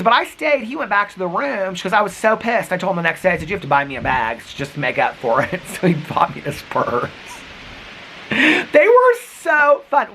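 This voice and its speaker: A man's voice: high-pitched, pushed and bright, slight background noise, rough recording. A man vlogging casually, gushing and chatty, retelling a night out with lots of "like" and "she goes" quotes. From United States. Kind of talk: casual storytelling vlog.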